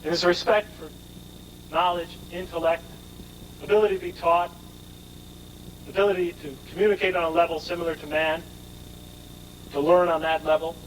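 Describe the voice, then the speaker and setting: High-voiced man lecturing emphatically. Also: level tone, moderate pace, pauses often, slight background noise, rough recording. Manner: emphatic, explanatory, poses rhetorical questions. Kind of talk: scripture lecture.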